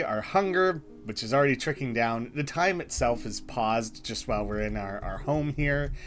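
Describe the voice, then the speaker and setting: A man's voice: medium pitch, a bit bright. A man casually commentating his gameplay as a let's play host, rambling and correcting himself with frequent laughs.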